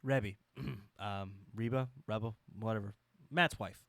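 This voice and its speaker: A man in casual chat with a bright, forceful voice, animated and profane as he riffs. He is close and dry on the mic, with no room around him. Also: on the low side, unhurried, gravelly, dry recording. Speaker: podcast co-host.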